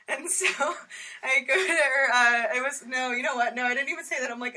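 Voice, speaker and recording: A woman with a bright, higher voice tells a rambling comic story. She laughs often and acts out the lines of the people in it. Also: fairly quick. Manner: animated, laughing, acts out quotes. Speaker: storyteller guest. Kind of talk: casual comedic storytelling.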